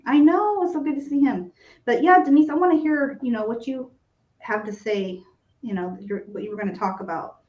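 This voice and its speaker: A woman hosting a casual livestream chat, giving quick shout-outs to viewers. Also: high-pitched. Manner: gives quick shout-outs, short backchannel replies. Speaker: host. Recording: dull, roomy sound.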